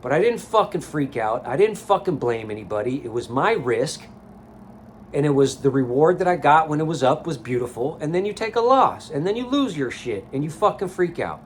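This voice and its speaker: Man, higher-pitched voice, blunt and swearing, motivational rant, sauna, faint ambient hum behind. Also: sing-song, moderate pace. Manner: blunt and profane, fired up. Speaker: life coach vlogger.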